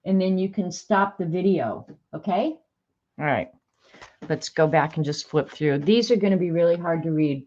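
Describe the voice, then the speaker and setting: A woman's voice: lowish voice, darkish tone. Woman reading sassy one-liners, lo-fi. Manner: chatty, reads one-liners aloud with small laughs. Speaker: crafter sharing sayings on video. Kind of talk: casual reading of sassy sayings to camera. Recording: dull, lo-fi home video sound.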